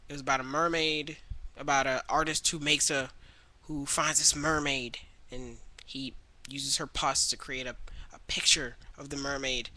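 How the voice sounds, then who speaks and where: A young man ranting casually to his webcam about movies he has watched, rambling and restarting often, sometimes mimicking people in a high voice. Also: fairly even intonation, moderate pace, bright, forceful tone, low-quality recording. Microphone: webcam mic.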